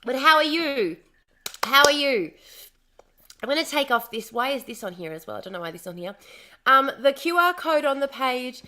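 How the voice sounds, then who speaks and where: A woman hosting a casual livestream, chatty and bubbly, a little hoarse as her voice comes back after being sick. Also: high-pitched, expressive, fast talker, sharp tone, a little hiss or hum. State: recovering from lost voice, slightly hoarse. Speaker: livestream host.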